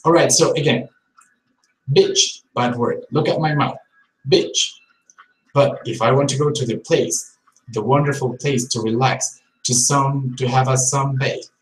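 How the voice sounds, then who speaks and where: An English teacher on a live-streamed lesson, modelling word pairs slowly and repeating them for contrast, and talking to viewers in the chat. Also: medium pitch, roomy sound, rough recording.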